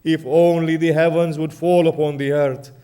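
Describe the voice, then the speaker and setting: A man's voice: on the high side, little pitch movement, normal speed, mellow, clean tone, natural voice. A man preacher voicing a grief-stricken sister who cries out in a raised, pleading manner.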